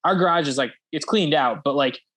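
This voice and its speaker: Swearing and laughing frequently, a young man rambles in casual conversation as host of a podcast. His voice is fairly high and a bit bright, and he speaks a little fast.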